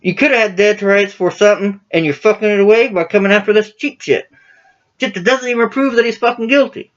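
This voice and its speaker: A man's voice: high-pitched, quick pace, fairly bright tone, dull audio. A man hosting his own political commentary channel, ranting casually to camera in a profane, combative, heated way.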